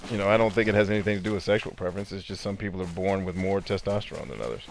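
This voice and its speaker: A man casually chatting with viewers on a live game stream, animated, laughing often and swearing freely. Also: low-pitched, racing, gravelly, a little hiss or hum. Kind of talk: casual live-stream chat while gaming.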